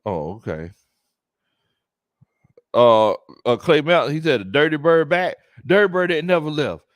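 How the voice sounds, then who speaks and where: A man's voice: a little high, animated, measured pace, no room sound. A man hosting a casual live-stream sports chat, reading viewer comments aloud and laughing often. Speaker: sports talk show host.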